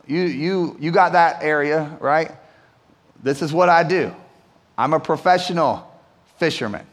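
A man's voice: fairly high pitch, unhurried, pitched below the performer's own voice, close to an everyday voice. A man voicing a blunt, weary male fisherman who talks back, then pleads in fear. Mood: reluctant. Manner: drawling talk-back, then anxious pleading. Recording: long hall reverb.

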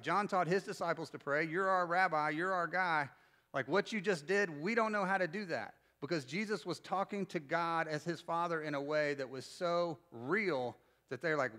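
Man, 40s, pastor, bright voice, slightly high, joking sermon, loud bursts. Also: moderate pace.

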